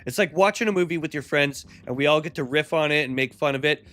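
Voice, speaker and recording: High-voiced crude wrestling announcer. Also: male voice, fast talker. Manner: crude, joking, shouty announcing. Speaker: streamer and play-by-play commentator. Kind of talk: wrestling play-by-play on a live stream. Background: music.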